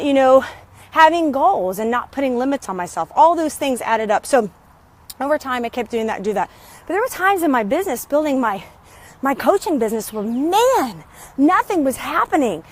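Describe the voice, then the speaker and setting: A middle-aged woman and business coach talking in a chatty, upbeat motivational vlog, filmed on a phone outdoors in her neighborhood. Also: high voice. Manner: chatty, upbeat, greets neighbors mid-talk.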